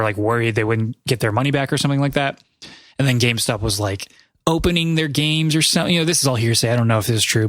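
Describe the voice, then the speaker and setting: A man's voice: mid-range voice, dry recording, studio quality. A man hosting a casual gaming podcast, rambling and correcting himself as he tells a story. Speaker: podcast host. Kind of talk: casual chat.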